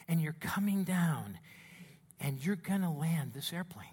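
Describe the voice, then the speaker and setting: A man preaching a sermon as a pastor, telling stories with animated swings between hushed and loud delivery. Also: fairly high pitch, moderate pace, breathy edge.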